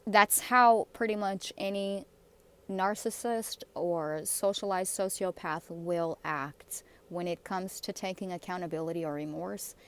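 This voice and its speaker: A woman's voice: on the low side, fairly even intonation, a little slow. A woman vlogger giving casual, sarcastic commentary on comments, blunt and given to laughing asides.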